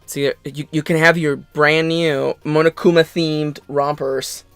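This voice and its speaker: A man's voice: fairly high pitch, measured pace, smooth, no echo, soft background music. A man co-hosting an anime reaction video in casual chat, joking and restarting his words. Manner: animated, jokey, stumbling restarts.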